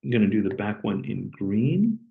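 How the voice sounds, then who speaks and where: A man lecturing, explaining step by step as he draws and pausing on an occasional "okay". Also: on the low side, sing-song, gravelly, narrow, tinny audio. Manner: plain, step-by-step explaining with okays. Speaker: chemistry lecturer. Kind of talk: recorded lecture while drawing.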